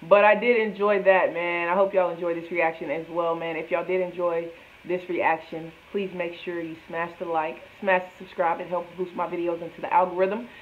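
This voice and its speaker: A man's voice: sits high, flat delivery, a little fast. A man hosting a video reaction channel, talking in a laid-back, slangy, upbeat way to his viewers. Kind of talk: casual reaction commentary. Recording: tinny phone-like mic, faint hiss.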